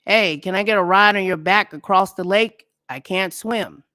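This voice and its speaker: A woman's voice: mid-range voice, moderate pace, bright, forceful tone, dry recording, clean studio sound, natural voice. A woman doing a sly, smug scorpion. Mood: pleading. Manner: smug, mock-innocent. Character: sly male scorpion begging a ride.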